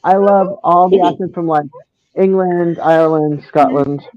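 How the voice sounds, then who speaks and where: A man with a fairly high, steady voice co-hosts a casual livestream, speaking a little slowly with a dull lo-fi sound. He teases the other hosts, laughs often and greets viewers in the chat.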